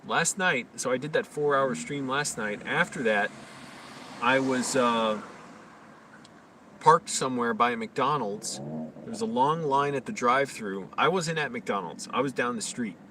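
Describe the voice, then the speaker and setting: A man's voice: mid-range voice, a little slow, bright, forceful tone. A man chatting loosely on a live stream, rambling with lots of fillers. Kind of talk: casual live-stream chat. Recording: slightly distant mic, faint noise.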